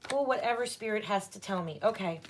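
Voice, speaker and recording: A woman's voice: mid-range voice, fairly quick, slight background noise. A woman doing a casual livestream tarot reading at home, chatty and reassuring as she talks straight to her viewers.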